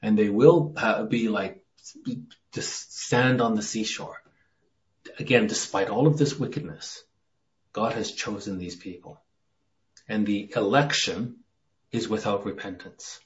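Man preaching, low voice, earnest sermon, hushed scripture quotes, dull lo-fi sound. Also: unhurried, long pauses. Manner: earnest, quotes scripture with dramatic drops to a hush. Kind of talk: sermon, verse-by-verse Bible teaching. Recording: muffled lo-fi sermon recording.

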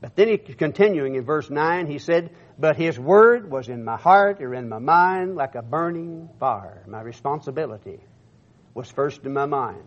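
Male preacher, high voice, declaiming scripture with stammering repeats, muffled lo-fi sound. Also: expressive, moderate pace. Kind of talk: sermon reading scripture with commentary.

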